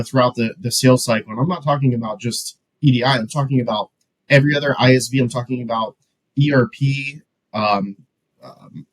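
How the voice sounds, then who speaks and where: Husky man co-host, relaxed and rambling. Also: mid-range voice, rough recording. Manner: relaxed, rambling with fillers and restarts. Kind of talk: casual business podcast chat.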